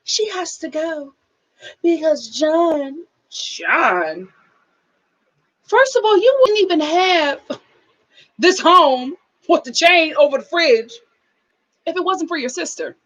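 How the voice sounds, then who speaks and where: Woman host of a live review stream, sassy and scolding, high voice that swings widely. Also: big pitch swings, slow, pauses often, a bit bright, lo-fi sound. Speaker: show host. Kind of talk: live reality-TV review, casual chat.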